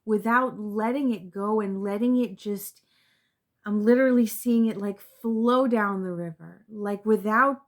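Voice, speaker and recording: A woman giving a spiritual tarot reading to her viewers, reflective and earnest, often repeating words and trailing off softly. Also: medium pitch. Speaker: tarot reader.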